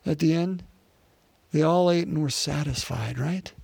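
A man's voice: a little high, a little slow, gravelly, darkish tone, breathy edge, dry recording. A man preaching a sermon in an earnest way, with frequent restarts and rhetorical questions.

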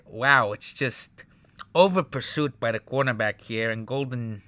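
A man breaking down football highlights in a casual, profane, exasperated rant. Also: pushed and bright, clean tone, no room sound. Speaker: sports commentator reacting to highlights.

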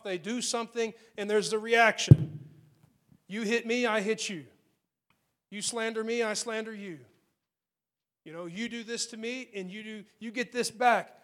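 A middle-aged male pastor delivers a sermon in a fairly high voice. He speaks earnestly, and he repeats his key phrases and slows right down to press on single words of scripture. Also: a bit bright.

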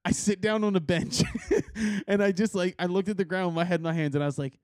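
Male podcast host, rambling storyteller with a high voice, dry close mic. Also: steady tone, quick pace, darkish tone, no echo. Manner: rambling storyteller, laughs often, swears. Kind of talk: casual podcast chat. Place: rehearsal studio.

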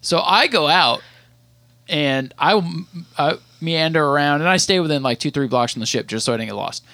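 A man's voice: on the high side, expressive, moderate pace, sharp tone, no room sound. A man in his thirties, a podcast co-host telling a long rambling story in casual chat, with many restarts.

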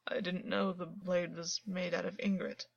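A woman voicing a wounded young fey man who speaks slowly, thickly and hesitantly, in a dull dry recording. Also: fairly low pitch, level tone, gravelly, no echo. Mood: hurt.

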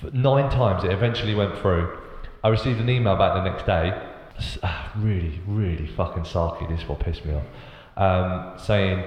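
A man with a fairly low voice rants in an exasperated, sweary way during a casual podcast chat. The recording is dull and lo-fi. His voice echoes around a reverberant room. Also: normal speed, hardly any pauses. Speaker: podcast host.

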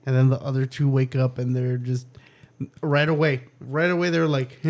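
A man's voice: mid-range voice, flat delivery, measured pace, a little mellow, slight background noise. A man in his thirties, a podcast co-host and father, telling profane stories in casual chat and laughing often.

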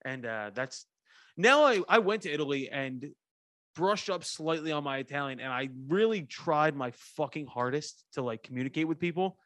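A man's voice: on the high side, animated, moderate pace, a bit bright, no echo, clean studio sound. A man from Philadelphia hosting a podcast, telling stories in casual, profanity-laced chat. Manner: profane, storytelling. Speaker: podcast host.

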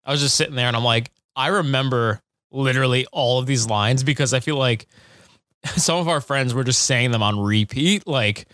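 A man's voice: medium pitch, moderate pace, a bit bright, no echo, studio quality. Laid-back, rambling podcast man. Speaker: podcast co-host. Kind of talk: casual chat.

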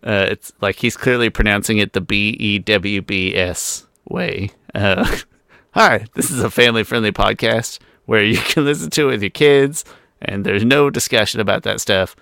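A man hosting a casual podcast chat, chatty and quick with asides as he introduces the show. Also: lowish voice, creaky, bright, forceful tone, clean tone, dry recording, clean studio sound. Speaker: podcast host.

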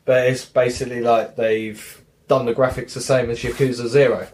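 On his casual gaming podcast, the male host speaks at a moderate pace with a medium-pitched, level, darkish voice. His storytelling wanders, full of swearing and acted-out quotes.

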